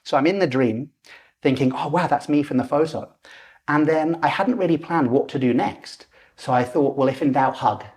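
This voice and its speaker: A man's voice: a little high, normal speed, darkish tone, slightly rough. A man in his forties, a podcast guest telling a personal story animatedly and acting out the voices in it. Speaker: podcast guest, lucid dreaming teacher.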